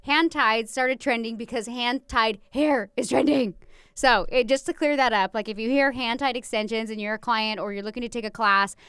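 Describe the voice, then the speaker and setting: A young woman hosts a casual chat podcast, talking candidly and swearing freely as she jokes at her own expense. Her voice is smooth and clear, a little higher than most. The close mic leaves the sound dry. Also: normal speed, fairly bright tone, no echo. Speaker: podcast host, hairstylist.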